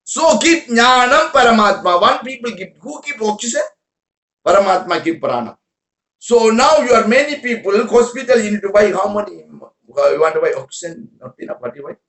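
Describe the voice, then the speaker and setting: A man's voice: sits high, animated, normal speed, a bit bright. A man giving an informal spiritual talk to followers in broken English, repeating words and asking listeners questions. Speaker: spiritual teacher. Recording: roomy echo.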